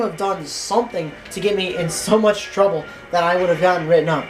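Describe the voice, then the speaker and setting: A chatty commentator rambles through a story as a game plays, jumping up into loud, animated quoted voices. The voice sits at an ordinary middle pitch. Faint game music plays behind the talk. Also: a little fast, hardly any pauses. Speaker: gameplay commentator. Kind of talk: casual storytelling over gameplay.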